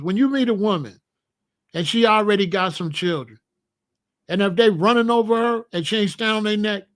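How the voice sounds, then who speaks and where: High-voiced man preaching about family. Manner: preachy, repetitive, emphatic advice to men. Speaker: host. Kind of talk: casual commentary monologue.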